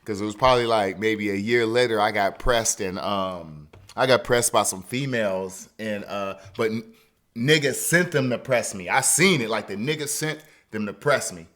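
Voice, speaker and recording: A man's voice: on the low side, normal speed. A man hosting a podcast, telling a story in casual chat with lots of swearing and acted-out quotes. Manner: profane, animated, acts out quotes. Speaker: podcast host.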